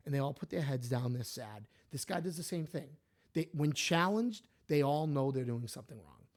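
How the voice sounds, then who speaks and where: A man, co-hosting a podcast, telling stories and opinions in an animated, emphatic way. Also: a little high, moderate pace. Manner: animated, emphatic, repeats himself. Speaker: podcast co-host. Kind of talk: casual opinionated storytelling.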